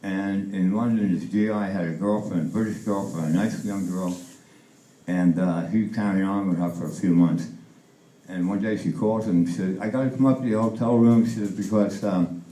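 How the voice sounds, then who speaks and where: A man's voice: sits low, fairly even intonation, moderate pace, warm tone, roomy sound, poor audio. A man in his eighties doing stand-up for the first time, telling jokes with many fillers and restarts and raising his voice for the punchlines. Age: 80s. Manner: acts out the punchlines in a raised voice. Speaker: stand-up comedian. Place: comedy club stage.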